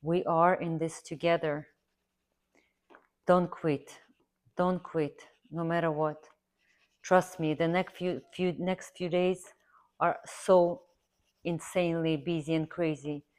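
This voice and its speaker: Low-voiced woman chatting while she draws. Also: steady tone, a little slow, a little mellow. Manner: rambling, earnest, repeats herself for emphasis. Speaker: art instructor. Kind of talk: casual chatty tutorial while drawing.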